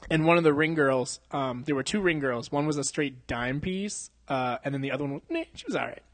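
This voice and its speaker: A young man hosting a podcast spins a lengthy bar tale in a somewhat high, slightly bright voice, talking briskly into a handheld mic with no room sound. The storytelling is casual, full of profanity, slang, and frequent laughter as he performs the quotes.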